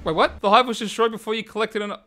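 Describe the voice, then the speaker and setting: A young man commentating on gameplay, yelling, swearing and laughing, going hoarse. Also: high-pitched, fairly even intonation, quick pace, over music. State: hoarse from screaming. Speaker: gaming video host.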